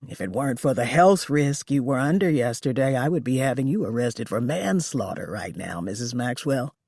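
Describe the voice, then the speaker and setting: The narrator voicing a gruff middle-aged male detective who smokes, speaking in a low, serious, calmly menacing voice. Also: normal speed, dry recording, clean studio sound. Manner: calm, coolly menacing.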